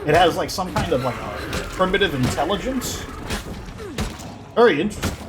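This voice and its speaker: A man hosting a let's play, commenting in an excitable, rambling way and filling his talk with "like". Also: on the high side, moderate pace, over music. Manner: excitable, rambling, heavy use of "like". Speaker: gaming channel host.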